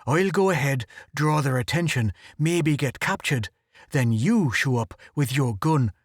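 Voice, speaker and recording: A man reading a storybook audiobook, voicing a big, gruff, brash male photographer with a blunt manner. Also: medium pitch, lively intonation, unhurried, dry recording, clean studio sound.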